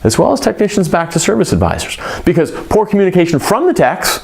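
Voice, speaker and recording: A man's voice: sits high, wildly swooping pitch, quick pace, gravelly, a little mellow. A man coaching repair shop staff, talking emphatically and often checking in with rhetorical questions. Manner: acts out quoted shop workers.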